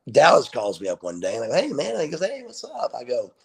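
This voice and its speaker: Man, middle-aged, wrestler guest, animated storyteller, raspy, creaky. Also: mid-range voice, fast talker. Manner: animated storyteller who acts out quoted dialogue. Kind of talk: casual storytelling interview.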